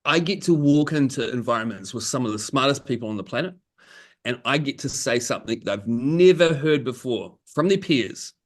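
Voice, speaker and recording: A man, a communication coach, telling stories in a casual podcast conversation, animated and laughing often as he acts out what people said. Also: mid-range voice, normal speed.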